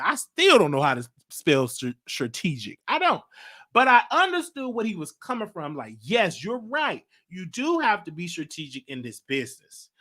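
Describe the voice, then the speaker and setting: Animated, chatty man hosting a show. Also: high-pitched. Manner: chatty, animated storytelling with slang asides. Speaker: host. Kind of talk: casual livestream talk.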